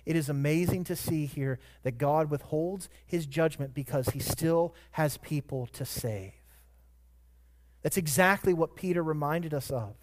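High-voiced preacher with surging emphasis. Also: male voice, a little slow. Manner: dynamic preaching, swelling to loud emphatic peaks. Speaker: pastor. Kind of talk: sermon.

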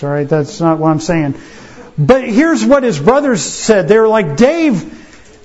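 A man's voice: high voice, darkish tone. A man preaching a sermon at a family camp, folksy, speaking straight to the children and checking in with "right?". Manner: folksy, addressing children directly with frequent "right?" check-ins. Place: church camp meeting. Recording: dull lo-fi sermon recording.

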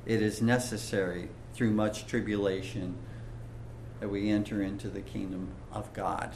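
A man preaching a sermon, slow and earnest, building to emphatic swells. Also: fairly low pitch, little pitch movement, vocal fry, darkish tone, echoey room, a little hiss or hum.

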